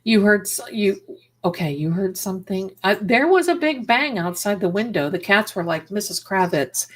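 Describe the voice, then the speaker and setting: A woman's voice: medium pitch, lively intonation, normal speed. A woman hosting a live stream as a psychic, rambling affectionately while she reads comments aloud.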